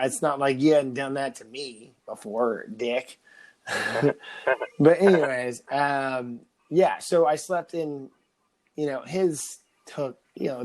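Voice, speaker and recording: A man's voice: medium pitch, darkish tone. A young man co-hosting a casual podcast, laughing often and stumbling over repeated words as he tells stories. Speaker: podcast co-host. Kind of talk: casual chat.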